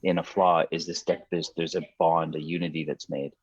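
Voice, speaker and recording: A man hosting a podcast, speaking thoughtfully and haltingly, with many restarts. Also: deep voice, level tone. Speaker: podcast host. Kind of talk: reflective conversation. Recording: dull lo-fi audio.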